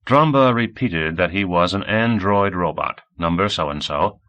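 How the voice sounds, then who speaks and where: A man reading an audiobook in a measured storytelling manner. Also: low-pitched, a bit bright, highs cut off. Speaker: audiobook reader. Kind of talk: audiobook narration.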